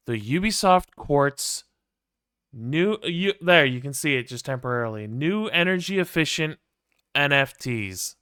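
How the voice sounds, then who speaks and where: Male streamer, bright clear voice, profane wry ranting over gameplay, dry close mic. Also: medium pitch, no echo. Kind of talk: casual gameplay commentary.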